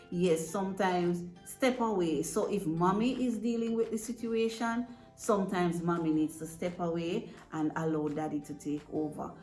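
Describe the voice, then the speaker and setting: A woman's voice: on the low side, a little mellow. A woman giving earnest, direct advice to parents, often checking in with "right?". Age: adult parent. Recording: echoey room with faint music.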